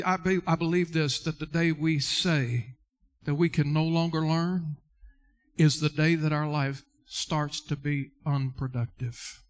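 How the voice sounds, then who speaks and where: Earnest preaching pastor, fairly high voice. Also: male voice, fairly even intonation, measured pace. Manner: earnest preaching with rising emphatic phrases; addresses listeners directly, repeating key words. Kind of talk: sermon.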